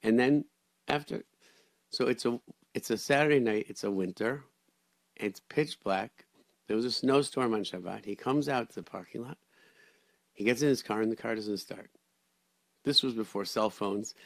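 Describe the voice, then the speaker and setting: A man hosting a radio chat, telling stories in a lively way with many restarts and Hebrew and Yiddish words. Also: on the low side, creaky, no room sound. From Rochester, New York area. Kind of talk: casual storytelling chat.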